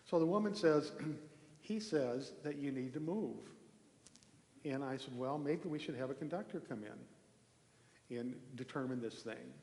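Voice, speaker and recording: A man giving a relaxed, conversational sermon from a temple hall, telling a story with pauses and restarts. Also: mid-range voice, gravelly. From Norway. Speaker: minister giving a talk. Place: large echoey temple hall. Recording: echoey hall with long reverb.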